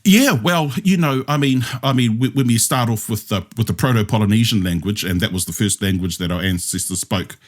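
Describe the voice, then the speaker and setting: A man with a New Zealand accent leads a language discussion, patiently explaining things step by step and checking in with his listeners in this teaching chat. His voice is on the low side, and he speaks briskly with few pauses.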